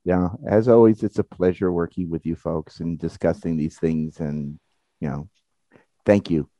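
A man's voice: deep voice, fairly even intonation, normal speed, warm tone, no room sound, dull audio. A man co-hosting a podcast, easygoing and chatty. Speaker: podcast co-host. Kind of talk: casual chat.

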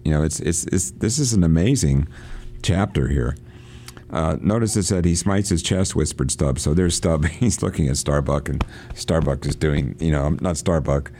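Low, mellow man reading aloud. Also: a little hiss or hum. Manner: reads quoted passages aloud, halting with restarts. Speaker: radio host reading and discussing a novel. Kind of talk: casual reading and discussion on radio. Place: church.

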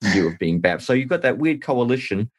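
Man, podcast host, animated and joking, asks questions, casual discussion. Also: mid-range voice, brisk, dry recording.

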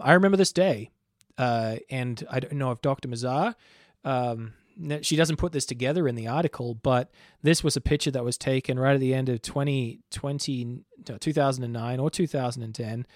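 A man's voice: mid-range voice, normal speed, darkish tone, no echo, clean studio sound. A man in his thirties hosting a program, talking conversationally with frequent restarts and personal asides. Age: 30s. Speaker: host. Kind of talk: casual spoken commentary.

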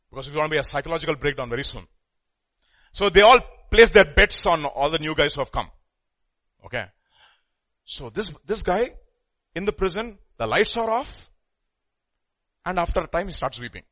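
Dramatic preacher, bright tense voice. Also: male voice, on the high side. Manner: dramatic swings from hushed to loud; slows down to stress key words. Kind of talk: preaching a sermon.

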